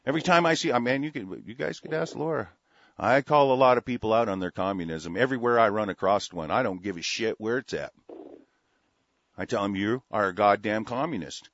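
A man's voice: lowish voice, expressive, fairly quick, no echo. A middle-aged or older man hosting a talk radio show, telling stories in a blunt, profane, rambling way full of restarts. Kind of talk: rambling storytelling and political rant on talk radio. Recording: dull, lo-fi, dry radio broadcast audio.

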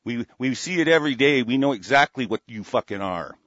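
A man's voice: mid-range voice, expressive, a little fast, a bit bright, no echo. A man in an angry, profane rant, talking in heated bursts with stammering restarts. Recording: dull lo-fi dry recording.

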